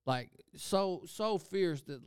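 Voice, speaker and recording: A man's voice: high-pitched, expressive, slow pace, smooth, no room sound, studio quality. A young man telling a story in a casual chat, acting out quotes and swearing freely.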